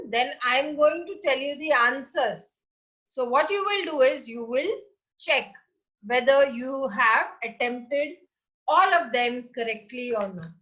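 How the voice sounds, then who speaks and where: Indian English woman teacher, high and bright, patient and repetitive, slightly muffled home recording. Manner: slow, patient, repeats and spells out words. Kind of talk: recorded online grammar lesson.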